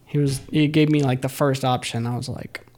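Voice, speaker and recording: A man co-hosting a podcast in loose, casual banter. His voice has a gravelly fry at a middle pitch. He is jokey, quick to laugh and fond of leading questions. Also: steady tone, darkish tone. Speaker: podcast co-host.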